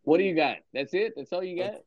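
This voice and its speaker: A man's voice: high voice, quick pace, muffled recording, over a noisy crowd. A man hosting a voice chat, taunting his opponent aggressively with constant profanity and repetition. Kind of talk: voice chat insult exchange.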